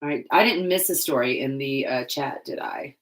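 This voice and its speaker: A woman's voice: a bass voice, moderate pace. A woman vlogger chatting casually while painting, rambling and laughing often.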